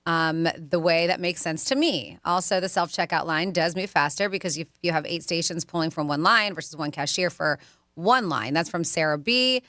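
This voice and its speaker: Bright, lower-voiced female radio co-host. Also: moderate pace, dry recording. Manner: chatty, laughs while reading. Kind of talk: reading listener texts on radio. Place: radio studio. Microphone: studio microphone.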